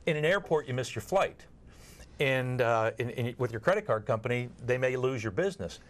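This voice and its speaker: A man's voice: mid-range voice, expressive, brisk. Earnest man explaining on a talk show. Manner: earnest, explaining with examples, frequent word repeats. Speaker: guest expert on nurse communication training.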